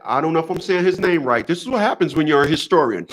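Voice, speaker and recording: Animated mocking man ranting to viewers. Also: a little high, quick pace, few pauses. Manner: mocking, laughs at his own jokes, repeats phrases. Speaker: commentary vlogger. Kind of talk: monologue rant.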